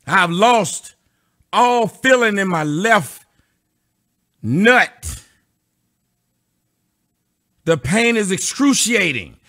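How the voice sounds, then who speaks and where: A man's voice: sits high, bright, forceful tone. A man doing a profane comic rant, breaking into mocking sing-song. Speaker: comedian. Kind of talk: comic rant with sung bits.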